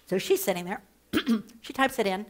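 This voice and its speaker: A woman leading an advocacy training workshop, talking with playful humor and mock excitement through a headset mic. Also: medium pitch, moderate pace. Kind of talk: workshop presentation. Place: training room.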